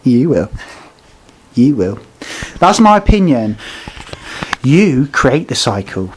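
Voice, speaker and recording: A man's voice: mid-range voice, sing-song, slow, a little hiss or hum. A man ranting heatedly and swearing as he co-hosts a wrestling chat. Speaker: wrestling podcast co-host.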